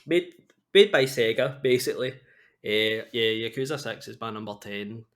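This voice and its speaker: A man with a middle-pitched, ordinary voice chats on a podcast. He explains at an easy pace and pads his points with fillers and small restarts. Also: normal speed, a bit bright. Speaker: podcast co-host. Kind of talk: casual chat.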